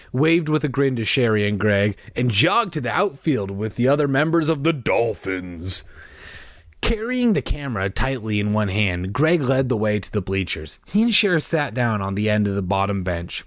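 Expressive man reading a kids' book. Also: on the low side, a little slow, dry recording, studio quality. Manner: wry asides, expressive. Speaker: reader. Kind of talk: reading a children's book aloud.

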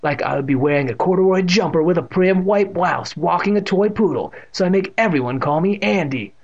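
A man's voice: sits high, fairly quick, vocal fry, highs cut off, pitched above the performer's own voice. A man reading aloud and voicing a bold, teasing young girl who speaks bluntly and playfully.

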